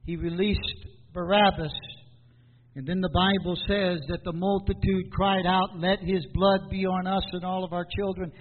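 High-voiced preacher man in a hall. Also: little pitch movement. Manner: preaching with dramatic pauses and repeated questions. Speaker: pastor. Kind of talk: sermon. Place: church. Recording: tinny phone-like sound in a hall.

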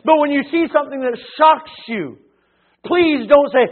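A man preaching a sermon in church, swinging between hushed and emphatic delivery with frequent hesitations. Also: very high voice, expressive, normal speed. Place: church sanctuary. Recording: tinny phone-like sound.

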